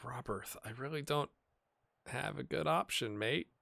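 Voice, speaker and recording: An American man giving casual, lively commentary on a football management game and reacting loudly to the match. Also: mid-range voice, unhurried, vocal fry. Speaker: gaming YouTuber.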